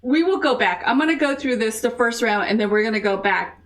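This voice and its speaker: A middle-aged American woman hosting a reaction video. She gushes in a chatty, casual way, with quick asides and giggles. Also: on the high side, animated. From United States. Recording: distant mic with faint music behind.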